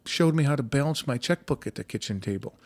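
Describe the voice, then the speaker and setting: A man's voice: mid-range voice, animated, fast, dry recording. Talkative podcast host man, dry close sound. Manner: talkative, swears casually, storytelling with restarts. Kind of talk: casual conversational interview.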